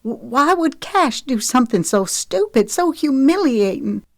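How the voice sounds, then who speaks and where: A fiery young woman with a short temper and a sharp, heated delivery, as an audiobook narrator puts her on. Her voice sits higher than the narrator's own low register. The recording is dry and close. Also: expressive, unhurried, no room sound, lightly acted.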